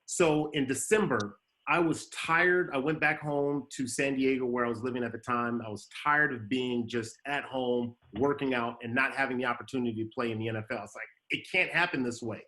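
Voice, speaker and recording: A man's voice: medium pitch, a little fast, few pauses, low-quality recording. A man hosting a talk in his thirties, telling a personal story about failure and acting out the voices in it. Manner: animated storyteller, acts out quotes, laughs often. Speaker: host.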